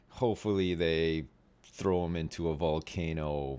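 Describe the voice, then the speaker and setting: A man streaming a game live, rambling and joking casually. His voice sits low and relaxed as he talks. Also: normal speed.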